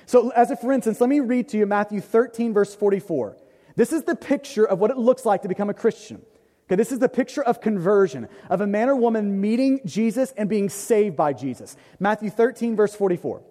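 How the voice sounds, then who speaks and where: Earnest high-voiced pastor in reverberant hall. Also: male voice, expressive, dark tone. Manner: earnest, repeats phrases, quotes scripture slowly. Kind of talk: sermon.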